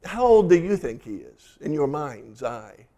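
A pastor preaching to his congregation, telling the story with animated asides. His voice sits a little higher than most men's. His delivery is conversational and vivid. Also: a little slow. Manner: storytelling, animated retellings of scripture. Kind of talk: sermon.

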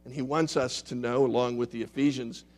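A man preaching a sermon and telling stories. He moves between loud, dramatic lines and hushed, quiet ones. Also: mid-range voice, fairly even intonation, fairly quick, faint music behind. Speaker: pastor. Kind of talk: sermon with storytelling.

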